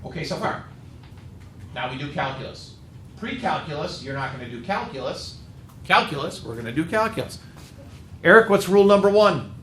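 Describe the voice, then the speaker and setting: A man's voice: on the high side, lively intonation, normal speed, pauses often, fairly bright tone. A man teaching a calculus class, tired and joking with his students as he works through a problem. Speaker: math teacher. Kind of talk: classroom lecture. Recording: echoey classroom with faint noise.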